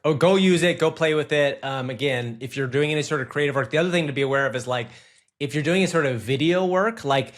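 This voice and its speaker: A man's voice: fairly high pitch, fast. A man co-hosting a tech podcast in an enthusiastic, conversational way. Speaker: podcast co-host. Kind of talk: casual tech podcast chat.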